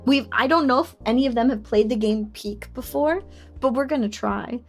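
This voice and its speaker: High-voiced playful woman streamer. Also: moderate pace, soft background music. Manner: playful and excitable, squealing and laughing, mock outrage at her computer. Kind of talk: casual live-stream chat.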